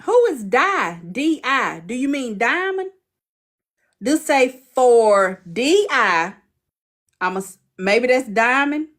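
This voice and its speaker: Woman live-streamer; slow, teasing, chatty delivery. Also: high voice, big pitch swings, a bit bright. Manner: chatty, teasing, drawn-out asides. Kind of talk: casual live-stream chat.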